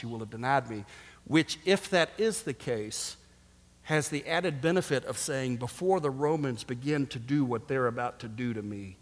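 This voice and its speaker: A male pastor delivers a sermon in a voice of ordinary pitch for a man. He drops to hushed, slow stretches, then rises loud and emphatic. The sound carries a long reverb from a large hall.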